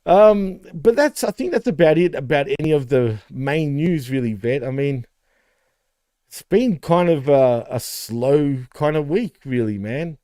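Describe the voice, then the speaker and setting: A man's voice: a little high, animated, measured pace, dark tone, dry recording, studio quality. A man co-hosting a wrestling podcast, talking in a laid-back way, swearing freely and laughing often. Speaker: podcast co-host. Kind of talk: casual wrestling podcast chat.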